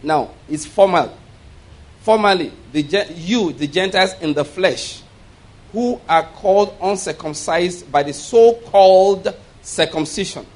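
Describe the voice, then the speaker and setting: Guy preaching a sermon, keeps asking "all right?", a bit of a higher voice. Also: a little slow. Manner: reads scripture aloud and explains it line by line; leads the congregation in call-and-response. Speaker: pastor.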